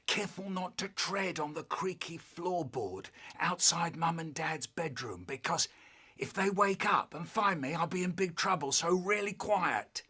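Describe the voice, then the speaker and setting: Husky older man telling a lively comic story. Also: a little high, a little slow. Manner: animated, acts out every character with big voices and exaggerated sounds.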